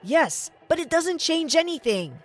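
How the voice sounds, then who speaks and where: A furious male pawn shop owner hurls loud accusations in a storybook reading, voiced by a woman narrator. The voice stays high and pushed loud. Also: very animated, a little slow, faint music behind. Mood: accusing.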